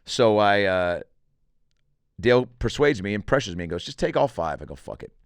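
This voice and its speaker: A man's voice: fairly low pitch, animated, moderate pace, dry recording. A middle-aged man, a comedian hosting a podcast, telling a story in casual, profane fashion and acting out the quotes.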